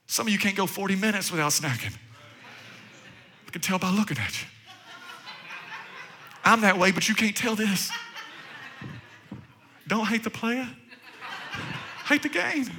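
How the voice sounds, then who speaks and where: A man preaching with a very high, piercing, bright voice that swings up and down with animated energy. He drives his points home through rhythmic repetition and calls out to the congregation. Joking asides break up the sermon. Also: measured pace, pauses often, a little hiss or hum. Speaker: pastor.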